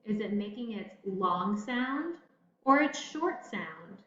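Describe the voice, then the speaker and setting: Slow, patient woman teacher in an echoey room. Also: medium pitch, lively intonation, a bit bright. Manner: slow, patient, speaking to children. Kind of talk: recorded phonics lesson. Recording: echoey room, slightly dull sound.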